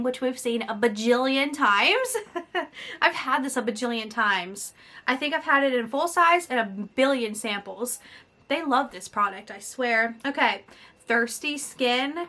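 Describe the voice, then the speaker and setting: A woman's voice: fairly high pitch, expressive, unhurried, pushed and bright. A thirty-year-old woman vlogging casually about beauty products, reading product blurbs aloud and adding chatty asides.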